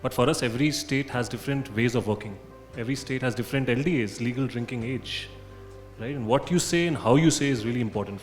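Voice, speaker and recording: A man speaking as a marketing panelist at a conference, talking in an assertive, emphatic way. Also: medium pitch.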